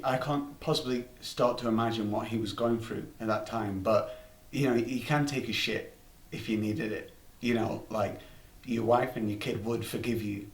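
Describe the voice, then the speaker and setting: A man rambling through a comic anecdote, swearing freely and restarting his sentences. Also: mid-range voice. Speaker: comedy storyteller. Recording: roomy room, distant mic.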